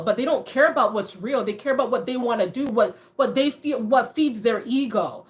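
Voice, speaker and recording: High-voiced, chatty woman streaming casually. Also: moderate pace, hardly any pauses. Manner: chatty, animated, laughs often, many "you know"s. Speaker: motivational vlogger. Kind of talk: casual livestream talk to viewers.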